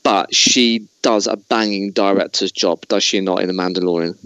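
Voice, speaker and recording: A man's voice: low-pitched, steady tone, normal speed, a bit bright, smooth, no room sound, poor audio. Chatty man hosting, dry sound. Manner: chatty, digressive, many restarts. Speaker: podcast host. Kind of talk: casual chat.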